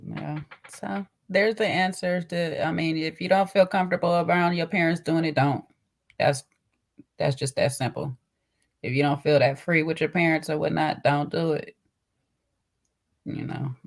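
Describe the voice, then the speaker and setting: Deep with vocal fry, this woman's voice moves at normal speed. As a podcast co-host in a casual chat, she tells animated stories, laughs often, and drops "child" and "okay" frequently.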